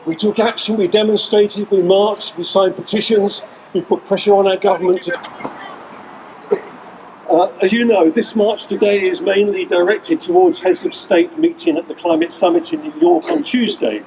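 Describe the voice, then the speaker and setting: This rally speaker's voice sits high and sounds creaky yet a little mellow, moving at a moderate pace. He rouses a street protest outdoors with earnest, list-heavy repetition, heard from a distance over slight noise and faint outdoor sounds.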